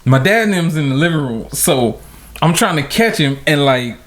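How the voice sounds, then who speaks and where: Laughing, animated male storyteller. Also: normal speed. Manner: animated, laughs often, acts out quotes in high voice. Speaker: podcast co-host. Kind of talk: casual storytelling chat.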